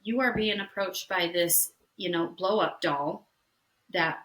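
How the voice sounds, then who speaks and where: A woman with a fairly low voice co-hosts a casual podcast. She chimes in with blunt, sarcastic jabs and swears freely. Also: a little slow, a bit bright, echoey room, rough recording. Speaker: podcast co-host. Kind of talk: casual chat.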